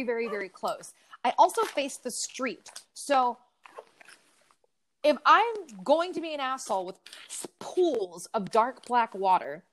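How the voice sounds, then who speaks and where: A woman co-hosting a casual podcast, telling stories in an animated, swearing rant. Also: on the high side. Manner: animated storytelling with frequent swearing. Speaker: podcast co-host. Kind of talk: casual ranting chat.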